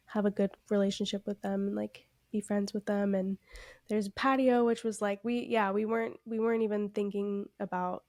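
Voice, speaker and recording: A congested woman co-hosting a podcast, chatting casually and filling her talk with "like". Her voice sits at an ordinary middle pitch. The sound is dry and close, with no room around it. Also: level tone, normal speed, a little mellow, no echo. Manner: chatty, heavy use of "like" fillers, laughs often. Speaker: podcast co-host.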